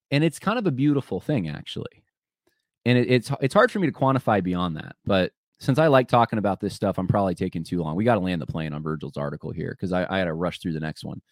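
Male podcast host with a lowish voice, dry close sound, rambling and conversational. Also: dry recording. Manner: thinking aloud, rambling with frequent restarts; conversational, addresses listeners directly. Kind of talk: solo commentary podcast.

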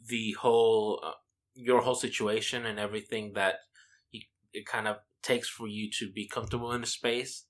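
A man's voice: mid-range voice, bright, forceful tone. A man in casual conversation who asks questions, laughs often and talks in a reflective, chatty way. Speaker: conversation partner asking questions. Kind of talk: casual chat.

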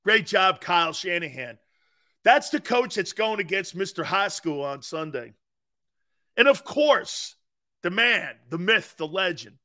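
A man's voice: fairly high pitch, bright, forceful tone. A man hosting a sports talk show, delivering a brash, opinionated monologue that rambles and repeats its points.

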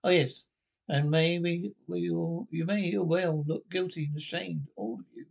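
A man's voice: a little high, fairly even intonation, unhurried, creaky, darkish tone, exaggerated voice. An actor playing an eighteenth-century village rector who scolds his congregation in a mock-righteous sermon, in a comic period film. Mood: scolding. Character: 18th-century village rector, stern preaching man.

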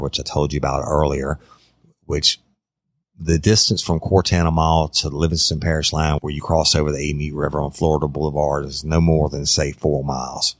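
Man, casual true crime narration, chats to listeners, very dry close sound, deep voice. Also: flat delivery, brisk, dry recording. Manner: conversational, addresses listeners directly, acts out quotes.

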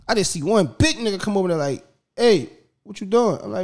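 A man, a podcast guest telling stories in animated casual talk, acting out voices and laughing often. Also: sits high, brisk. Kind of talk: casual storytelling.

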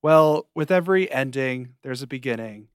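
A man's voice: medium pitch, lively intonation, clean tone, no echo. A man co-hosting a comedy podcast, chatting eagerly and playfully. His voice sits in an ordinary middle range. The recording is close and dry. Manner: enthusiastic, quick asides, playful. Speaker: podcast co-host. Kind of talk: casual chat.

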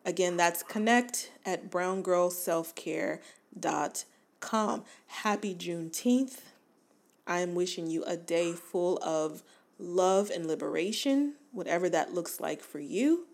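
A woman's voice: lowish voice, slow pace. A woman in her forties hosting a self-help podcast, talking earnestly and encouragingly, with many fillers and restarts. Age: 40s. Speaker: podcast host.

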